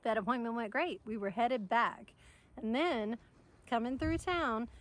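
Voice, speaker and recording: A woman, chatty and excitable, telling a story to camera outdoors in the sun and laughing often. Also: medium pitch. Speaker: vlogger.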